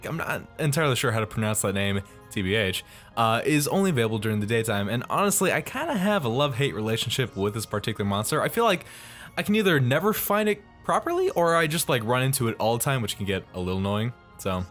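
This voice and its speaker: A man's voice: medium pitch, very animated, quick pace, fairly bright tone. A man giving casual, jokey gameplay commentary in a rambling way, over faint music. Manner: rambling, jokey, many fillers. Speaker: let's play host.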